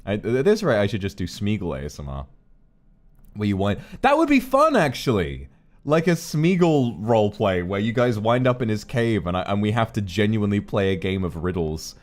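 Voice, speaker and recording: Male streamer, casual chat, deep-ish voice with a lively melody. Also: moderate pace. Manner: animated, jumps into voices and laughs.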